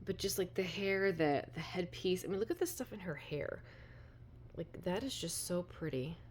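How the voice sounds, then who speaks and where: A woman chatting casually at home in a show-and-tell vlog, rambling and often trailing into soft half-whispers, speaking close to her phone. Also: fairly low pitch, lively intonation, normal speed, slight background noise. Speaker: vintage-haul vlogger. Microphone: phone held close.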